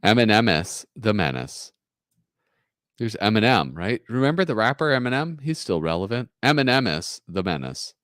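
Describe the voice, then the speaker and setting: A man hosting a live stream, reading comics aloud in an animated, joking way and laughing often. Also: lowish voice, moderate pace, dry recording, studio quality. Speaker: host.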